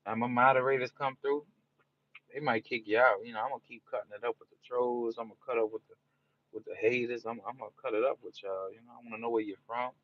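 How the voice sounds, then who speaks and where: A man's voice: medium pitch, steady tone, fast talker. New orleans dude chatting on his live stream, easygoing and rambly, muffled lo-fi sound. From New Orleans, Louisiana. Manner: laid-back, rambling, peppered with "you know". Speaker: livestreamer. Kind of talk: casual live-stream chat with viewers.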